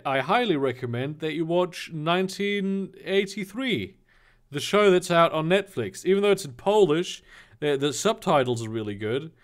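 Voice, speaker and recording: A man hosting a live stream, chatting casually and rambling with jokes and restarts. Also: on the high side. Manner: rambling, jokey, slips into a mock Australian voice. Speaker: streamer host.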